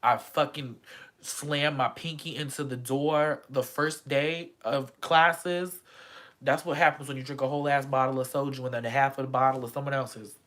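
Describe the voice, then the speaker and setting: Young woman, vlogger, casual storytime, animated, dramatic, crude humor. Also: very deep voice, moderate pace.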